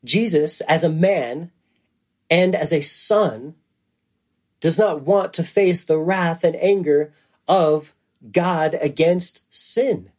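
Male preacher, earnest and emphatic sermon delivery, relaxed dark tone. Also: a little high. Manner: earnest, emphatic, with slow stressed phrases.

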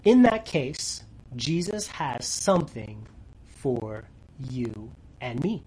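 A man preaching a sermon earnestly, dropping to soft near-whispers for tender lines and rising loud when reading scripture. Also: mid-range voice, animated, slow, husky, low-quality recording. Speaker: pastor.

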